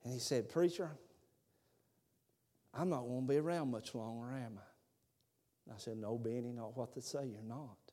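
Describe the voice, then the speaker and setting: A man's voice: mid-range voice, moderate pace, pauses often, mellow. A man, preaching a sermon as a fervent storyteller. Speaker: pastor.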